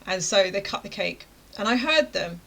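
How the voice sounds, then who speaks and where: A woman's voice: medium pitch, expressive, normal speed, vocal fry, a bit bright. A woman in her thirties, a course creator, telling a chatty story to camera and acting out her own reactions. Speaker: web design course creator.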